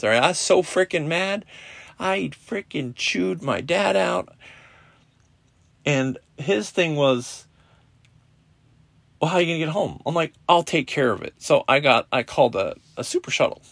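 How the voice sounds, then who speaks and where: A middle-aged man hosting a podcast, telling a personal story in a casual, profane, animated way with lots of quoted dialogue. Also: medium pitch, creaky, dry recording. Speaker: podcast host. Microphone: podcast app recording.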